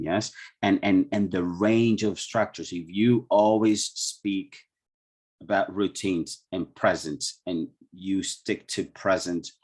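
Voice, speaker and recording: Man, Colombian Spanish accent, online workshop trainer, low-pitched, husky, chatty, over a video call. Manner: chatty, many restarts, quizzes the audience.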